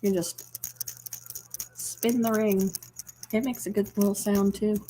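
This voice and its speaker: A young woman chatting casually and rambling a little, soft-spoken and quick to laugh. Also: mid-range voice, steady tone, slight background noise. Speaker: ASMR channel host. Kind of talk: casual chat on a livestream.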